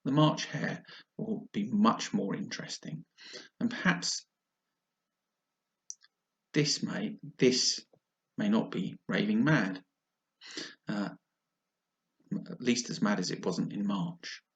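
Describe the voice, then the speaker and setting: A man voicing a curious, polite young girl in a storybook reading, his voice pitched up for her. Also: takes it slowly, long pauses.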